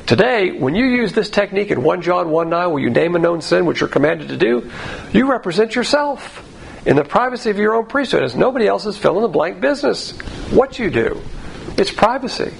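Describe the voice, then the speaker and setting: A man's voice: a little high, gravelly, a little hiss or hum, rough recording. A man preaching a sermon as pastor, talking in a conversational, emphatic way and asking many rhetorical questions.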